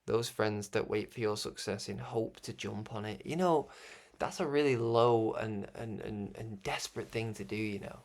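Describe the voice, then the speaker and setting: A man's voice: on the low side, normal speed, vocal fry. A man with a Scouse accent hosting his own broadcast, talking through his thoughts in a rambling, reflective monologue that keeps restarting and breaks into chuckles. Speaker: broadcast host.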